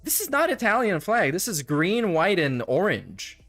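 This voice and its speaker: Young male streamer, mock-offended and jokey, lively pitch, faint music under him. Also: normal speed. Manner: sarcastic, laughing, profane asides. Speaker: reaction streamer. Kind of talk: casual commentary.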